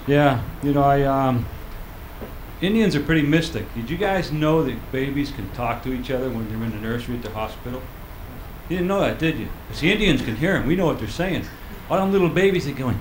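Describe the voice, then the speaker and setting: An older man performing a stand-up comedy set on a club stage, telling stories in a deadpan way and acting out the quotes. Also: medium pitch, brisk, slight background noise. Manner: deadpan storytelling with acted-out quotes. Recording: roomy live club recording.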